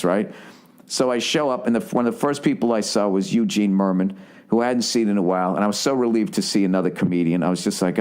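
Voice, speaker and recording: A man's voice: lowish voice, quick pace. Profane, rambling storytelling man. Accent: Boston. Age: 40s. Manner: rambling, profane, animated storytelling with acted-out quotes. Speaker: comedian and podcast host. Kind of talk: casual storytelling monologue.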